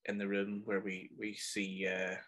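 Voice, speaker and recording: A man's voice: low voice, completely flat delivery, a little slow, a bit bright. A man with a Northern Irish accent hosting a casual film review podcast, chatty and enthusiastic as he rambles through his thoughts. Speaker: podcast host.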